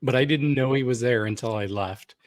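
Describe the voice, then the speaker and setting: A man co-hosting a podcast, chatting and asking questions with curiosity and a slow delivery. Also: mid-range voice, no room sound. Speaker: podcast co-host. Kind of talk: casual chat.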